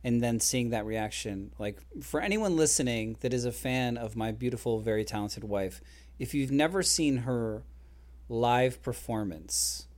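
A man in his thirties co-hosting a podcast, talking casually and playfully, rambling and getting loud and excited when he teases. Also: mid-range voice, a little slow. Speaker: podcast co-host. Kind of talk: casual chat.

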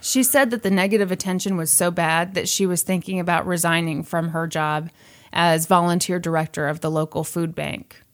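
A woman's voice: on the low side, fairly even intonation, moderate pace. A young woman co-hosting a podcast, telling a story in casual chat, reading out quotes and adding joking asides. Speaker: podcast co-host.

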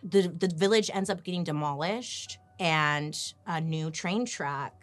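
A woman's voice: sits low, a little slow, soft background music. A woman hosting a podcast, telling history in a sarcastic, casual way and swearing freely. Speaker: podcast host. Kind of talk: casual storytelling chat.

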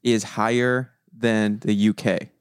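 A man's voice: lowish voice, flat delivery, takes it slowly, smooth, no echo, clean studio sound. A man on a casual podcast, explaining a statistic in a matter-of-fact way. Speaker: podcast co-host. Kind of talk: casual chat.

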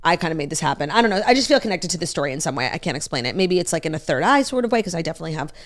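A woman's voice: low voice, big pitch swings, racing. A woman co-hosting a podcast in casual chat, gushing and opinionated, swearing freely. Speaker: podcast co-host.

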